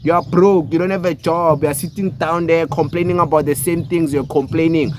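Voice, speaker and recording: A man's voice: a little high, steady tone, a little fast, noisy background. A South African man with a South African accent, ranting in a heated, mocking monologue full of repeated rhetorical questions. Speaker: commentator.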